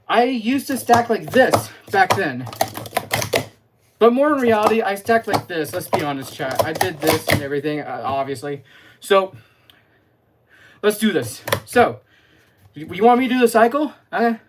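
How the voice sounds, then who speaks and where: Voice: mid-range voice, lively intonation, moderate pace, background noise. A casual livestreamer teaching cup stacking step by step while chatting with viewers. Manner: chatty, addresses live chat, explains step by step. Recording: clear clatter of plastic cups.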